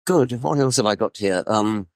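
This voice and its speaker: A man's voice: lowish voice, normal speed, dry recording. A man hosting a conversation, hesitant and often repeating words as he thinks. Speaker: host. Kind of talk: casual chat.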